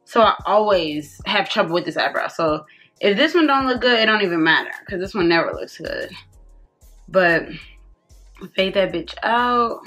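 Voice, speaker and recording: Having had a few drinks, this woman talks her audience through her makeup in a loose, profanity-laced tutorial chat. She speaks at a medium pitch with a fairly bright tone.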